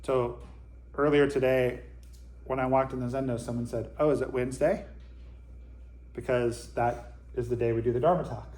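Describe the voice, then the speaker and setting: A man in a meditation hall gives a relaxed Dharma talk, his mid-range voice carrying a roomy echo. He speaks conversationally to his listeners and slips in dry, self-deprecating humor. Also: medium pitch, normal speed. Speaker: Zen teacher giving a Dharma talk.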